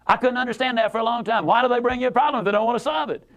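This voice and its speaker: High-pitched, folksy motivational speaker man. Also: very fast, fairly bright tone. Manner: folksy, emphatic, repeats for effect. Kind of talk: motivational speech with storytelling.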